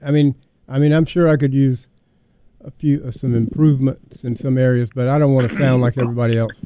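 Hesitant radio host, dark smooth voice. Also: male voice, mid-range voice, fairly even intonation, a little fast. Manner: hesitant, lots of ums. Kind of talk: casual radio chat.

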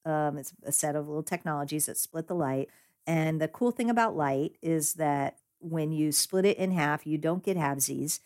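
Low woman's voice, animated interview guest recounting events. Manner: animated, laughs often, many restarts. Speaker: guest, digital rights lawyer. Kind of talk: conversational storytelling.

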